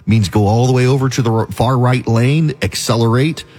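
A man's voice: medium pitch, normal speed, darkish tone. A man hosting a talk radio show, delivering an opinionated, emphatic monologue.

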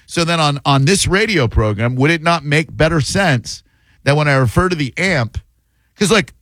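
A man's voice: on the high side, expressive, normal speed, fairly bright tone, no echo. A man hosting a radio show, bantering sarcastically with his co-host and reading promos in a joking, rambling way. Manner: sarcastic, joking, playful tangents. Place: radio studio. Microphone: studio microphone.

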